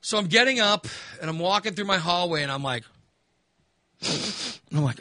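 Male talk host, sharp bright tone, crude and exasperated, dead-dry studio sound. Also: high-pitched, moderate pace, long pauses, no echo. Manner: animated, crude, swearing, exasperated. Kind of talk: casual storytelling chat.

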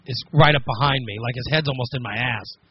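A man hosting a radio show, telling a story on air in a casual, animated, self-mocking way with frequent laughs. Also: medium pitch, fast, dull audio, slight background noise. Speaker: radio host.

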